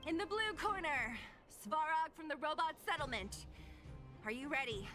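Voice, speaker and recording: A woman's voice: high voice, animated, moderate pace. An actress voicing a female ring announcer and referee in a video game, calling the fight in formal announcing tones. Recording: game audio over music.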